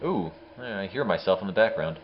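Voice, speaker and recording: A man's voice: low-pitched, lively intonation, normal speed, dull audio, heavy background noise. A man streaming a game, giving casual, sarcastic commentary. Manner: sarcastic, joking.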